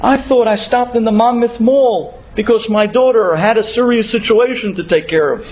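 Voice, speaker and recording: A male rabbi telling an inspirational story in an animated way, sprinkling in Hebrew words. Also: high-pitched, moderate pace, muffled recording, a little hiss or hum.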